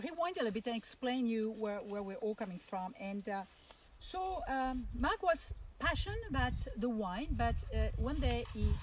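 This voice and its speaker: A woman with a French accent giving a casual video tour of her vineyard, speaking haltingly with many fillers and restarts. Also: fairly high pitch, background noise. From France. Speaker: winemaker. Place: outdoors at a vineyard.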